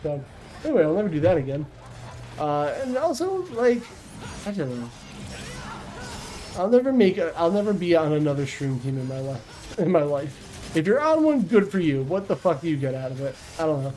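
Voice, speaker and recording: A man's voice: a little high, big pitch swings, normal speed, warm tone, a little hiss or hum, rough recording. A man chatting casually on a livestream, blunt and profane, rambling with restarts. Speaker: streamer.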